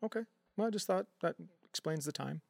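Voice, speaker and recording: A man co-hosting a comedy podcast in casual chat, chiming in with quick teasing remarks. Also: a little high, creaky, darkish tone, no room sound, studio quality. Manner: quick teasing interjections, playful. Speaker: podcast co-host.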